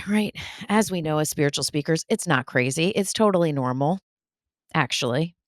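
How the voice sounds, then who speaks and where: Low-pitched lady medium chatting away, playful asides, dry close sound. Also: expressive, moderate pace, no echo. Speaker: spiritual medium. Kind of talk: casual storytelling monologue.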